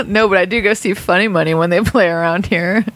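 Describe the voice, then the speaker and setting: A woman in her thirties in casual chat, an animated storyteller who swears freely and laughs often. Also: mid-range voice.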